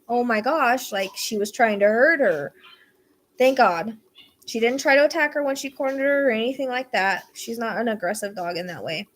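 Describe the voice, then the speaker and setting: A woman host telling a rambling, exasperated story in casual chat, swearing now and then. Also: fairly high pitch. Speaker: psychic podcast host. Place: rural property with acreage.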